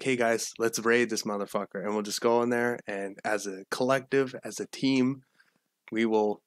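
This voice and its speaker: A man's voice: medium pitch, a bit bright, no echo, studio quality. A man hosting a casual livestream, rambling with repeats and restarts and greeting viewers from the chat. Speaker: livestream host.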